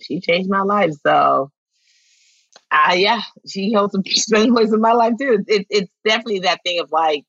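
A woman guest in an interview, telling stories in a lively way, acting out what people said and laughing often. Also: mid-range voice, moderate pace, dry recording, highs cut off. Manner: animated storytelling, acts out quotes, laughs often. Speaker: actress guest. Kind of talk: casual interview chat.

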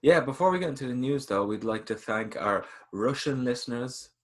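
A man's voice: medium pitch, lively intonation, a little fast. A man co-hosting a podcast, chatty and jokey, addressing the listeners directly. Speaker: podcast co-host. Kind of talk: casual chat.

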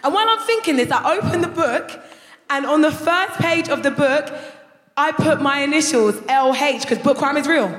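A woman's voice: sits high, moderate pace, a little hiss or hum. Brash young woman doing stand-up. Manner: brash, loud storytelling that breaks into shouts. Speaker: stand-up comedian. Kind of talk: live stand-up comedy routine. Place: theatre stage before a live audience. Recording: echoey hall with loud audience laughter.

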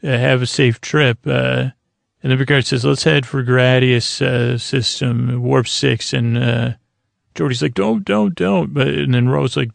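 A man hosting a podcast, casually recapping an episode from his notes in a halting way, with many fillers, sometimes losing his place. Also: medium pitch, vocal fry, no echo. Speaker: podcast host.

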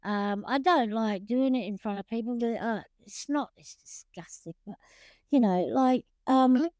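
A woman's voice: a little high, unhurried, darkish tone, dry recording. A woman hosting a podcast interview, talking in a chatty, rambling and openly emotional way. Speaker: podcast host. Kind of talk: casual interview chat.

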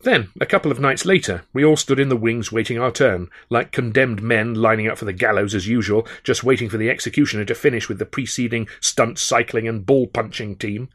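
A man's voice: medium pitch, fairly bright tone. A man with an English accent reading his own novel aloud as first-person audiobook narration. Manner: measured first-person storytelling.

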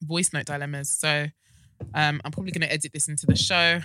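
A woman's voice: low voice, little pitch movement, quick pace, sharp tone, no echo, studio quality. A woman co-hosting a podcast, chatty and blunt in casual chat. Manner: chatty, blunt, laughs easily. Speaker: podcast co-host.

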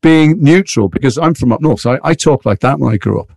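An English man from Liverpool with a mixed British accent, an actor chatting in an interview in a rambling, animated way. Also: mid-range voice, creaky, no room sound. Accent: mixed British, mild Liverpool and London traces. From England, Liverpool. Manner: fast, rambling, animated storytelling. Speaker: actor, guest. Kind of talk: casual interview chat.

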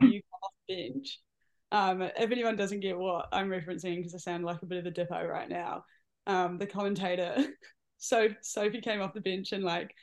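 A woman with a New Zealand accent hosts a casual sports chat with a teammate, her voice sitting in a middle pitch. She talks in a lively, slangy way, dropping "mate" and "bloody". Her laugh comes easily. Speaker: podcast host, teammate.

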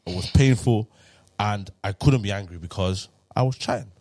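A man's voice: on the low side, moderate pace, a little mellow, no room sound. A man asking his friends quiz questions and telling jokey stories in casual banter. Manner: laughing, joking storyteller. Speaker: quiz host among friends.

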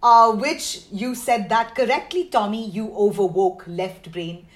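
A woman's voice: mid-range voice, unhurried. A woman, a comedian guest on a podcast, ranting in a sarcastic, mock-outraged way. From India.

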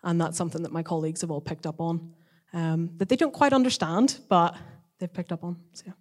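A young adult woman giving a casual spoken testimony as a guest, a lively storyteller who talks at length. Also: lowish voice, a little fast.

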